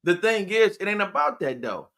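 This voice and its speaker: A podcast host man talking in a casual, profane and preachy way, with sudden loud outbursts. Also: high-pitched, big pitch swings, normal speed, vocal fry. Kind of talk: casual live podcast chat.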